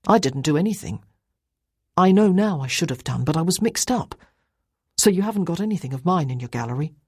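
Woman reading earnest awkward young man, hesitant, husky low voice, dry read. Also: animated, a little fast, darkish tone, no echo.

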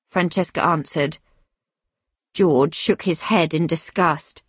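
Slow, husky woman reading a story. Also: deep voice, fairly even intonation, no room sound, studio quality. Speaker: narrator.

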